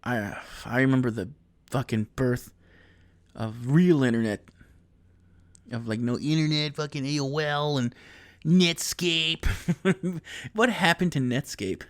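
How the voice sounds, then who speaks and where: A man's voice: mid-range voice, takes it slowly, long pauses, no room sound. A man in his thirties, a podcast host rambling through a profane comedic monologue and laughing at his own jokes. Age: 30s.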